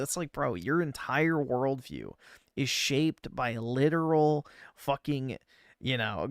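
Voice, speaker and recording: Male streamer reacting, unhurried, crude and mocking, clear dry voice. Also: medium pitch, fairly bright tone, no room sound. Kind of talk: casual reaction commentary.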